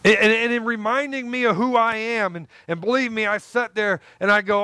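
A man with a fairly high voice delivers a sermon in an earnest, conversational style. He leans on emphatic repetition and talks straight to his listeners. The sound is dry and close. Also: brisk, few pauses, pushed and bright, clear, resonant tone, no echo. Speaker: pastor.

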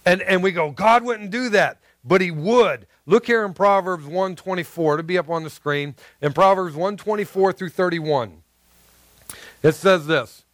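A man's voice: high voice, moderate pace, no echo. A man from the American South preaching a sermon as pastor, talking earnestly, repeating words and calling his listeners "guys".

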